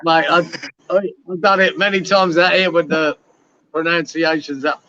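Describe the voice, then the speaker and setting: A man's voice: fairly high pitch, steady tone, moderate pace, a crowd in the background. A man living abroad, chatting in a laid-back, matter-of-fact way on a call. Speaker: guest on a call. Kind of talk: casual chat. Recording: dull call audio with faint noise.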